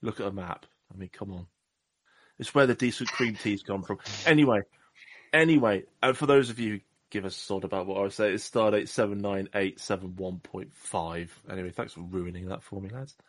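A man from Southwest England chats on a podcast in a somewhat low voice. He rambles, loses his thread and jokes about himself. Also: brisk, no echo. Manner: rambling, jokey, self-deprecating. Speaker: podcast co-host. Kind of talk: casual chat.

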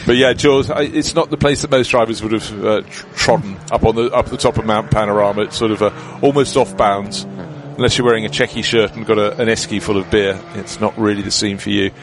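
Gravelly male race commentator, cars roaring. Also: lowish voice, fairly even intonation, fairly quick. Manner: chatty, explanatory, detailed race analysis. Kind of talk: live motorsport commentary. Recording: commentary with loud car noise behind.

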